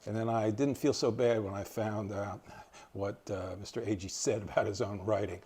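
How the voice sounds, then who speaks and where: Speaking at a moderate pace with fairly even intonation, this older East Tennessee man has a fairly low, husky voice with a dark tone. His informal library talk wanders, hesitates, and is packed with fillers and false starts.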